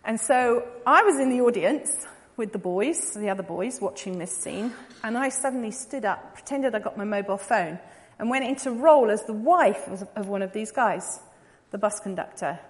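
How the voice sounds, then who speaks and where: A woman's voice: mid-range voice, lively intonation, normal speed, long reverb tail. A woman giving a talk as a psychodrama practitioner, telling a story vividly and earnestly.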